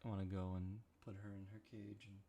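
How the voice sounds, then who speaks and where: A man's voice: on the low side, little pitch movement, fast, mellow, a little hiss or hum. A young man, sleepy, rambling and joking with his chat during a casual late-night stream. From Canada.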